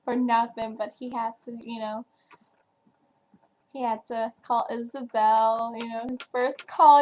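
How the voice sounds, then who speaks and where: High-voiced chatty young woman vlogger. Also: level tone, measured pace, dull audio. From New Jersey. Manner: chatty, filler-heavy, gushing. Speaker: book reviewer. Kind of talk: casual vlog book review. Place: home, at night.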